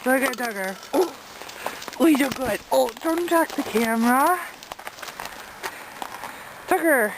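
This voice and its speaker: A woman's voice: sits high, takes it slowly, pauses often. A woman vlogger cheering on and cooing at puppies in playful baby talk, filmed on a handheld camera. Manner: excited, cooing and cheering the pups on. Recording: noisy home video.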